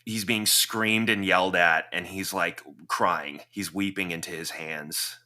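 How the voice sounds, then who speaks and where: Male player, low bright voice, halting scene narration. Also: steady tone. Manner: hesitant, filler-heavy storytelling. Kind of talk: narrating a tabletop role-play scene.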